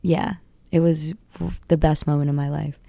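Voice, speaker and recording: A young adult woman rapper talking as a radio guest, recounting stories in an excitable, tumbling way. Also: deep voice, normal speed, vocal fry, dry recording. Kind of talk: animated storytelling interview. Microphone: studio radio mic.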